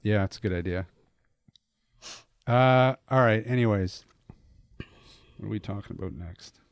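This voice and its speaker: A man from Canada hosting a casual podcast, talking in halting starts and restarts. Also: fairly low pitch, dry recording, clean studio sound. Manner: hesitant, lots of restarts and fillers. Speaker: podcast host.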